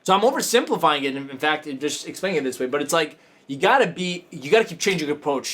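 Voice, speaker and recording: A man hosting a coaching show with a high voice that swings widely in pitch. He talks in a loose, emphatic motivational way, hammering phrases over and over and throwing in swearing and laughter. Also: very animated, fast talker, fairly bright tone, slight background noise. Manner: emphatic, repetitive, profane, laughing asides. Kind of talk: casual motivational talk.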